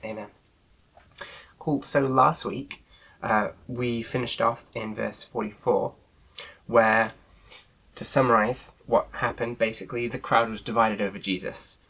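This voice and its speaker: A man's voice: medium pitch, fairly even intonation, unhurried, bright, forceful tone, husky, poor audio. A man leading an online Bible study in a casual teaching style, earnest and loosely phrased with frequent filler sounds.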